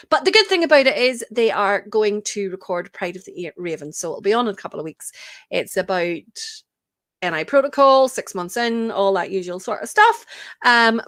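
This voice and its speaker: A woman's voice: mid-range voice, fairly bright tone, no room sound, clean studio sound. A woman hosting an online show, chatting casually and rambling with fillers. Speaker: host. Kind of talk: casual livestream chat.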